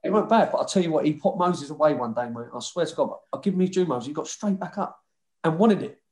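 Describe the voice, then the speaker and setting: A former footballer from Hackney, London, guests on a casual podcast, telling old football stories at full tilt. He's an animated storyteller who swears freely and laughs often. His voice sits a touch high and moves at a quick pace, in a roomy, echoey space.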